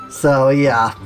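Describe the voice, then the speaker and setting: A woman streamer chats casually about a game she loves. Her talk is slow, halting and openly emotional, with a self-conscious edge. Faint game music runs in the background. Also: rumbling low. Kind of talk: casual livestream commentary.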